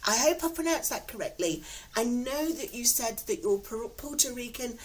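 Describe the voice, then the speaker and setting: Her fairly high voice has lively intonation and a moderate pace, though the recording quality is low. This English woman from Nottingham vlogs casually from home, telling warm, giggly, rambling stories and often repeating herself.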